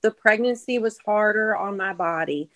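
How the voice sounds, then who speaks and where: A woman's voice: medium pitch, normal speed, dry recording. Chatty woman guest, dry close sound. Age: 30s. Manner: warm, chatty, says y'all. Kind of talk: casual chat.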